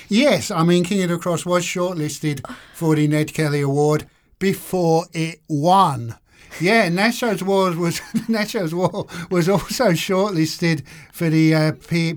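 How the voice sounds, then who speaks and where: Wry man laughing at himself. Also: fairly high pitch. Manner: wry, self-mocking, quick to laugh. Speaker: guest author. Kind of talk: casual interview chat.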